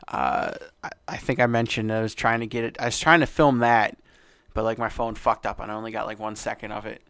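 Young guy on a sports podcast, smooth clear voice, swears a lot, rambly. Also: fairly low pitch, expressive, fairly quick, fairly bright tone. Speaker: podcast co-host. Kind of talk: casual sports chat.

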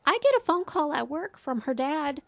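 A woman's voice: sits high, moderate pace, creaky, no echo. A middle-aged woman, a mother, telling a story in casual chat and acting out what others said. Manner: animated storytelling, quoting others.

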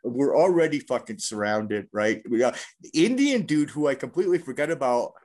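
A man's voice: medium pitch, lively intonation, moderate pace, darkish tone. A middle-aged man telling a story in a casual interview, rambling and profane with many restarts.

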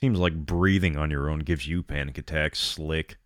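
A man's voice: rumbling low, steady tone, normal speed, no room sound, studio quality. A man narrating a horror story aloud, with sardonic asides between passages.

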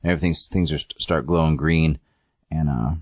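A man with an extremely low, deep voice walks through a comic plot on a casual podcast. He talks in a halting way, with many ums and likes. The recording is dry and close. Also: fairly even intonation, no room sound. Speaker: podcast co-host reviewing comics. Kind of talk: casual chat recapping a story.

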